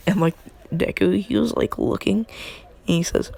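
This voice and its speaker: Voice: medium pitch, wildly swooping pitch, moderate pace, gravelly, husky. A storyteller rambling casually through a fan story, full of "like," laughing at their own jokes.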